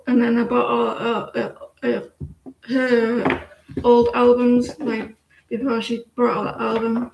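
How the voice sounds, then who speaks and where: A woman's voice: on the high side, vocal fry, a little mellow, reverberant, poor audio. A woman in her forties giving a live tarot reading, rambling with lots of fillers and restarts. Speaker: tarot reader. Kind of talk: live-stream tarot reading and casual chat.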